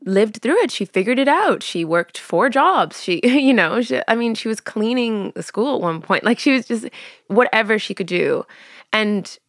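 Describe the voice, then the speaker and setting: A woman's voice: fairly high pitch, expressive, normal speed, no room sound, studio quality. A woman in her thirties from Canada, a podcast guest who tells stories with animation, laughs often and acts out what people said. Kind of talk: casual interview chat.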